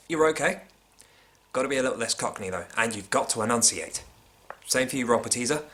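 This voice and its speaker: A man vlogging a casual, opinionated critique with a wry tone, often dropping into hushed asides. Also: lowish voice. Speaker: vlogger reviewing a film.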